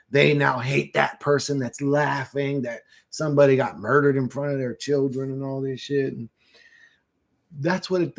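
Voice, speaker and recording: A man in his thirties talks straight into his desk mic on a livestream. He rants in a loose, rambling way, swearing hard, and his pitch sits in a plain middle range. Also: vocal fry. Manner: profane, ranting, conspiratorial. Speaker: livestream host.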